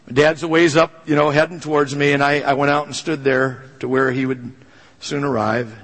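Husky-voiced man preaching in an echoing hall. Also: mid-range voice, steady tone, normal speed, fairly bright tone. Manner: earnest conversational storytelling. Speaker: pastor. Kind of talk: sermon.

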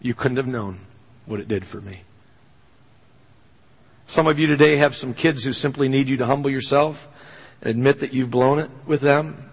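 A man's voice: mid-range voice, husky, big-room sound, low-quality recording. A man pastor preaching a sermon, telling a personal story in an earnest, conversational way.

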